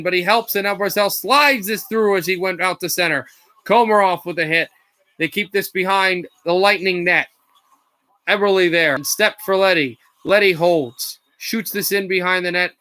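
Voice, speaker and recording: A man doing amateur live play-by-play commentary, calling the action quickly with slips and self-corrections and rising to shouts on big plays. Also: sits high. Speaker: play-by-play streamer.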